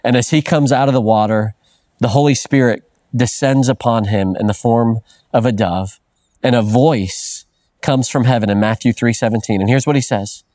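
A man's voice: mid-range voice, normal speed, a little mellow, no echo, clean studio sound. A middle-aged man preaching a sermon in an earnest, conversational way, often restarting phrases and adding "man" as a filler. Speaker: pastor.

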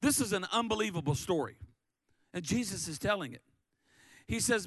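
A man preaching a sermon, animated and lively, often stammering and repeating words as he acts out the story. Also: high voice, moderate pace, creaky, pauses often, no room sound. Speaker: pastor.

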